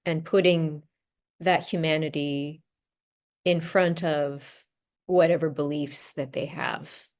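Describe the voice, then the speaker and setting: Female podcast host, lower-pitched, measured interviewer. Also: steady tone, a little mellow. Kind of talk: interview questions.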